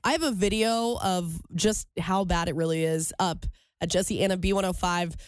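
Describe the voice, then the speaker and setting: A woman co-hosting a radio show, telling stories in an animated way and laughing often. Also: fairly low pitch, normal speed, clear, resonant tone, no echo, clean studio sound. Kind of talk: casual chat.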